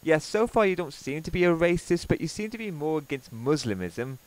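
A man's voice: a little high, big pitch swings, fairly quick, poor audio. A young Welsh man with a Welsh accent giving sarcastic, swear-filled commentary on a video he is reacting to. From Wales.

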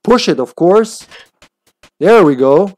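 A man's voice: high-pitched, expressive, takes it slowly, a little mellow, dry recording. A man chatting playfully and laughing as he plays a game on a live stream.

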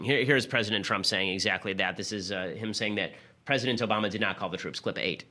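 Rapid-fire sarcastic male political host. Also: on the low side, sharp tone. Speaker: political talk show host. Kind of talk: political commentary monologue.

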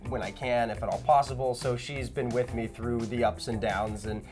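A man's voice: medium pitch, fairly even intonation, moderate pace, over music. A young man from the American South, an actor guest chatting easily in an interview, with lots of fillers and restarts. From Southern United States. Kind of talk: casual interview chat.

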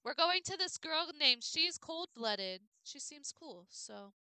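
A woman's voice: sits high, lively intonation, slow, bright, forceful tone, no echo. A young woman streaming a game late at night, chatting casually with viewers, bubbly and playful, tripping over names and laughing. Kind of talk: casual live-stream chat while gaming.

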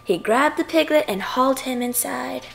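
A woman narrating a children's picture book aloud in a playful, expressive way. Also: sits high, moderate pace, vocal fry.

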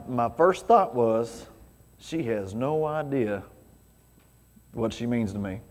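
This pastor's mid-range voice has a somewhat dark tone as he gives an informal, conversational sermon full of rhetorical questions. The church hall around him adds noticeable reverb.

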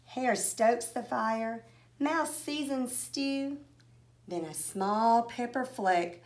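A woman teacher reading a rhyming children's storybook aloud, expressive and rhythmic. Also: on the high side, extremely slow.

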